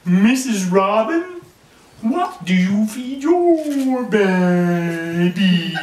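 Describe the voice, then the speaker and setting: An older man voicing a curious baby frog with a huge mouth, stretching each word wide and slow. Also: sits high, sing-song, a little mellow, reverberant, recorded from a distance, voice pushed up, full character voice. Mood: wide-eyed asking.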